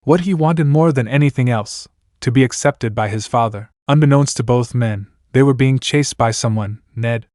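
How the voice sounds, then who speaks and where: Male storyteller, mid pitch, dry close recording. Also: moderate pace, a little mellow, no room sound. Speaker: story reader. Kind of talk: fan fiction read-aloud narration.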